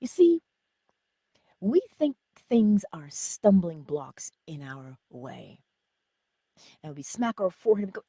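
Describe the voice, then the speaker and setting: Woman host, inspirational livestream teacher: husky, very animated pitch, whispered asides, dry close sound. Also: slow, long pauses, no echo. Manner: animated, drops to whispered asides, chuckles often; speaks straight to the viewers, answers chat comments. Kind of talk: live-streamed inspirational teaching.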